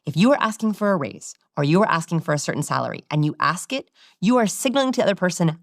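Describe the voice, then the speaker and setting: Low-voiced woman explaining with energy. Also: fast, dry recording, clean studio sound. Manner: animated, demonstrating vocal examples. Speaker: communication researcher and guest. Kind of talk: expert interview explanation.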